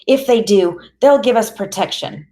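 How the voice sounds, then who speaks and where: A woman's voice: medium pitch, lively intonation, normal speed, dark tone, pitched above the performer's own voice, natural voice. A woman voicing an upset grandmother who pleads in a raised, tearful-sounding voice and hates violence. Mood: anxious.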